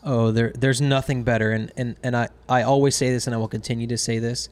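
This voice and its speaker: Fishing guide telling a lively story. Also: male voice, quick pace. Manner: acts out quotes with big jumps up in pitch. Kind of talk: animated storytelling in casual chat.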